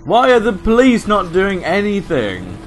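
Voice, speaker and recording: A man's voice: high voice, huge pitch swings, measured pace. A man commentating a racing game, cursing and venting his frustration in outbursts. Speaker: let's play gamer. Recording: faint game music behind.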